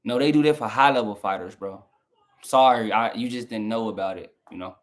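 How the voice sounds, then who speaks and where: A man's voice: fairly low pitch, fairly quick. Argumentative southern man ranting at chat. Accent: Southern American. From southern United States. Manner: argumentative, mocking, talks straight to chat. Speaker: streamer answering chat. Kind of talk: heated live-stream rant.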